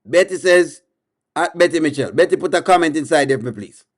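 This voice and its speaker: A man's voice: on the high side, lively intonation, brisk. A man reacting on a live stream, exasperated and pleading with his chat, repeating himself over and over.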